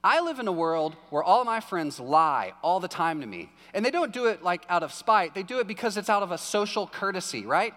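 A man's voice: high-pitched, big pitch swings, brisk, few pauses, fairly bright tone. A man preaching a sermon in a casual, conversational way with joking asides, recorded live in a church hall. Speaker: pastor.

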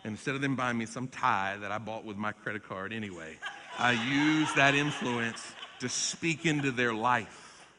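A man in his forties preaching a revival sermon, swinging between loud exhortation and quiet storytelling. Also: medium pitch, moderate pace, very noisy. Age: 40s. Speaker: pastor. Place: large church sanctuary. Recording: long church hall reverb.

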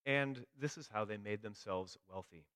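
A man's voice: lowish voice, normal speed, bright, forceful tone, dry recording. A man giving a sermon, telling a story with dry humor. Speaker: preacher.

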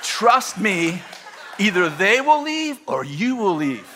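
A middle-aged male pastor preaching a sermon to a live audience, telling lively stories and acting out the voices of the people in them. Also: sits high, slow pace, crowd noise, background noise. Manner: storytelling, animated retelling with voiced quotes.

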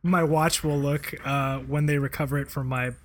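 A man chatting on a podcast in a slightly raised pitch. He stays laid-back, cracks dry jokes and laughs often. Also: fairly even intonation, normal speed. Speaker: podcast co-host. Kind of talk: casual chat.

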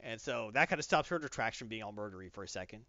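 A man in casual chat, animatedly retelling a comic plot and slipping into quick character voices. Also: lowish voice, animated, sharp tone, no room sound, dull audio.

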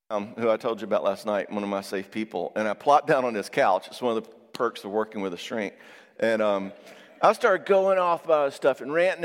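A man giving a Christian marriage seminar. He talks in a conversational way, tags his points with "all right?" and tells lively personal stories. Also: medium pitch. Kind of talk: live seminar talk to an audience. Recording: long reverb in a large hall.

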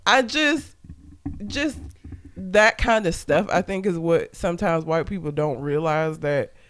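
A young woman from the Southern United States co-hosts a podcast, speaking at a measured pace in a lowish voice. She's candid in the casual chat and laughs often while telling stories.

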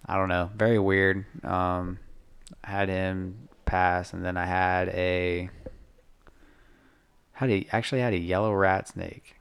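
A young man with a very low, gravelly voice co-hosting a casual podcast. He talks hesitantly, pausing often with ums and uhs as he gathers his thoughts. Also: steady tone, a bit bright. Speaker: podcast co-host. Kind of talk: casual chat.

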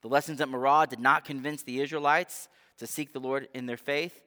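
A man preaching a sermon as pastor, conversational and animated, often asking his listeners rhetorical questions. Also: mid-range voice, brisk. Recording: long hall reverb.

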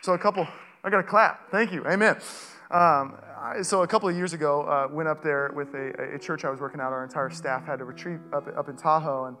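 A male pastor with a Californian accent preaching a sermon, telling a personal story in a casual, animated way that builds to urgent calls. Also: on the high side, a little fast. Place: church stage.

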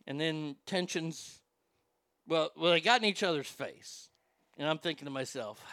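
A man casually telling a story on a chat show, animated and profane, jumping from loud bursts to hushed asides. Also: fairly high pitch, normal speed, no echo.

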